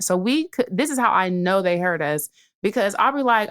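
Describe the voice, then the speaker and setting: A woman's voice: mid-range voice, lively intonation, normal speed, a bit bright. A young woman co-hosting a podcast, telling a brash story in casual chat and acting out what people said. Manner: brash, storytelling, acts out quotes. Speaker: podcast co-host.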